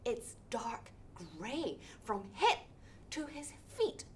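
A woman leading an interactive children's storytelling session, animated and sing-song, with playful sound effects. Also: a little high, very slow, slight background noise. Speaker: storytelling workshop leader.

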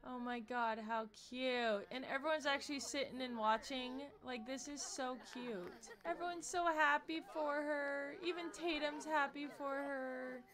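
A young woman giving excited, gushing commentary as she plays a life-simulation game. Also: high-pitched. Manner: excitable and gushing, quick gasps and squeals. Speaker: let's play host. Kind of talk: casual gameplay commentary.

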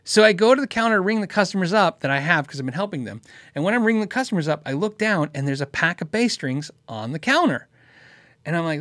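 A man's voice: sits high, fairly quick, no room sound, clean studio sound. A man from Tucson hosting a guitar question show, telling a story casually and laughing often. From Tucson, Arizona. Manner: animated, laughs often, acts out quotes.

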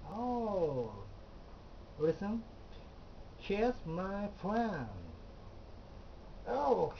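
Woman, very slow teasing banter, broken English, dull lo-fi sound, faint guitar. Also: mid-range voice, animated, gravelly, slight background noise. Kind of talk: playful scripted banter before a song. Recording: dull lo-fi recording with guitar music. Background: quiet plucked guitar.

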